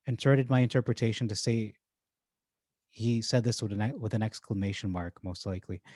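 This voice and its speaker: A man giving verse-by-verse scripture commentary, earnest, moving between quiet asides and emphatic stresses. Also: on the low side, no room sound, studio quality. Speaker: Bible teacher.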